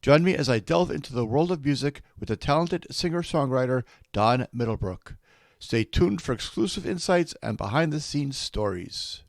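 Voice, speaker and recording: A man's voice: mid-range voice, animated, moderate pace, creaky, dry recording. A man hosting a radio show, reading a scripted introduction and asking interview questions in an announcer-like way. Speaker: radio host.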